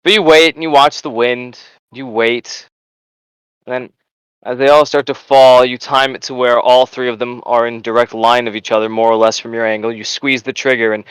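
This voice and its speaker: A man narrating as game master of a tabletop game, storytelling in a lively way with fillers. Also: mid-range voice, clear, resonant tone, no echo, poor audio.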